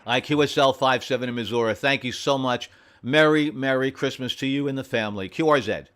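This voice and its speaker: A man's voice: medium pitch, fairly bright tone, clean tone. Friendly man calling out radio call signs. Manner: friendly, repeats call signs slowly and carefully. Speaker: amateur radio operator running a special event station. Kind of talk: on-air radio contacts, reading call signs. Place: home radio station.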